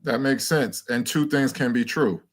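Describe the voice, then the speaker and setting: A man joins a livestream as a guest and lays out his view in a steady, measured way, dropping plenty of fillers as he goes. His voice is mid-pitched for a man. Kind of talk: casual discussion.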